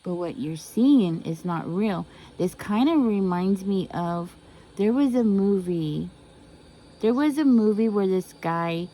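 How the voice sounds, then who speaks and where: A woman's voice: mid-range voice, animated, takes it slowly, dark tone, rough recording. A woman giving a tarot reading, talking emphatically, repeating herself and asking rhetorical questions. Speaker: tarot reader.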